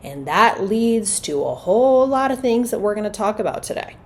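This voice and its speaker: A woman hosts a solo parenting podcast, speaking earnestly and conversationally and asking her listeners rhetorical questions. Her medium-pitched voice swings widely in pitch at a normal pace.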